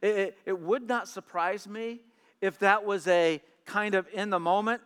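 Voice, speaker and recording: A man preaching a sermon, reading scripture and explaining it, swinging from hushed trailing lines to loud emphatic reading, sometimes stammering on repeated words. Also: high-pitched, fairly even intonation, unhurried, clear, resonant tone, long reverb tail.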